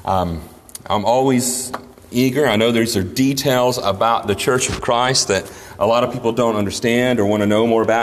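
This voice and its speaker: A man's voice: mid-range voice, fairly even intonation, normal speed, in a large hall, slight background noise. A man preaching a sermon in a church, earnest and emphatic, lifting his voice when he quotes scripture. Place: church sanctuary.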